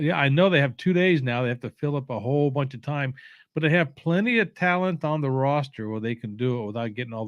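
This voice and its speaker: A man's voice: medium pitch, no room sound. Sleepy, opinionated man rambling casually. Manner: opinionated, halting, many fillers and restarts. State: sleepy, yawning. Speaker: watch-along host.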